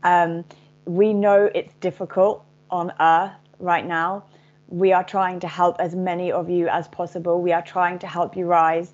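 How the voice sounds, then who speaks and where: A woman channeling a collective of benevolent spirit beings in a gentle, reassuring manner, calling listeners dear ones. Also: lowish voice, level tone, unhurried, highs cut off, close to an everyday voice. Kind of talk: channeled message.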